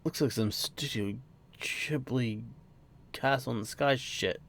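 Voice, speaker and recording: A man's voice: medium pitch, takes it slowly, gravelly, fairly bright tone. A young man reading a manga aloud and reacting casually, tired after work, swearing, laughing and easily sidetracked. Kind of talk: casual read-along reaction. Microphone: dry home mic.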